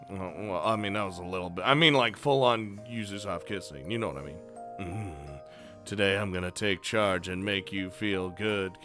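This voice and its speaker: A young man casually commenting and reading aloud while playing a visual novel, joking and rambling. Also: low voice. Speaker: let's play host.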